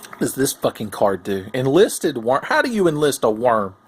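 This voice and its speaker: A young man hosting casual comic commentary on game cards, sarcastic, profane and animated. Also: medium pitch, normal speed, a little hiss or hum. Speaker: host.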